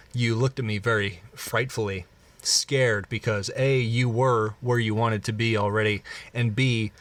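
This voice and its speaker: A man's voice: lowish voice, a bit bright. A man co-hosting a comedy podcast, improvising a crude story with lots of laughter. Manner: laughs often, joking and crude. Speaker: podcast co-host.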